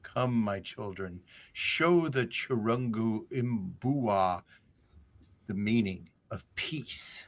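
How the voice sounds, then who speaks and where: A man reading the lines of a cruel, scheming undead lich queen in a slow, measured, menacing way. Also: lowish voice, lively intonation, exaggerated voice. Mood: cold menace.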